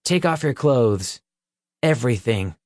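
A man's voice: mid-range voice, expressive, unhurried, darkish tone, dry recording, clean studio sound, natural voice. A man voicing a cruel, cocky young male leader of a forest gang in an audiobook, taunting and commanding. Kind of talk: audiobook character voice.

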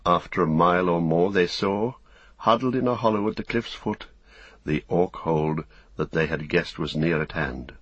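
Deep-voiced man narrating an audiobook steadily, husky tone, dry close sound. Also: a bit bright, no room sound, muffled recording. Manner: measured, deliberate reading. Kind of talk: scripted narration.

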